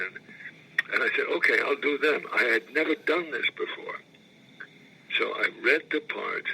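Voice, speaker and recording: An older man in his eighties recounts his acting days in a gravelly, rough-edged voice with a bright, forward tone. He rambles, circles back to repeat phrases and pauses to clear his throat. A faint hiss of noise sits under the recording. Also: medium pitch, poor audio. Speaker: actor recalling his career. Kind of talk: interview anecdotes.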